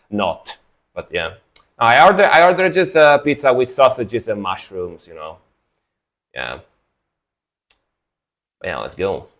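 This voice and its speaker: Young man, from italy, sleepy voice, laid-back rambling streamer chat, mid-pitched. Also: big pitch swings, takes it slowly, pauses often, fairly bright tone. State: sleepy after a nap. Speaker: streamer reacting to music. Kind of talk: casual live-stream chat.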